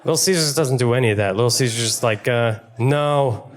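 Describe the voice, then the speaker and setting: A young man from Pittsburgh doing a stand-up comedy set, wry and deadpan. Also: medium pitch, fast. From Pittsburgh, USA.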